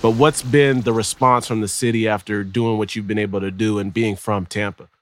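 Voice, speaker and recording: A man's voice: lowish voice, steady tone, brisk, a bit bright, faint music behind. A man hosting a sports interview and asking a guest friendly questions.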